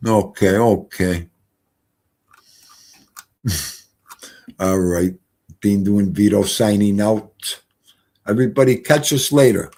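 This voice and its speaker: A low, gravelly man chats casually on a live stream. He rambles through folksy stories in a husky, raspy tone. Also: slow pace, pauses often, warm tone.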